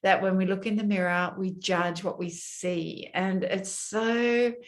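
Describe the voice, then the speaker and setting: A woman's voice: medium pitch, fairly even intonation, a little slow. Older woman vlogger; chatty, conversational storyteller speaking to the girls watching. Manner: chatty storytelling, addressing women viewers. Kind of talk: casual chat.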